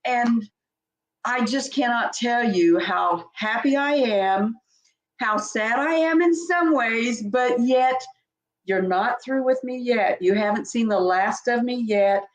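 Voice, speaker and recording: A woman's voice: fairly high pitch, takes it slowly. An older woman, a senior sales director, reminiscing in a heartfelt, meandering way with many restarts. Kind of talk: reminiscing conversation. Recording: echoey room.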